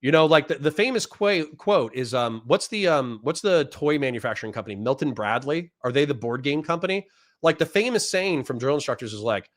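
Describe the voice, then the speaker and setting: A man with a fairly high voice tells stories to his livestream audience in a casual, profane way. He is animated and repeats phrases to drive his point home. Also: brisk. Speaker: livestream host and Marine veteran.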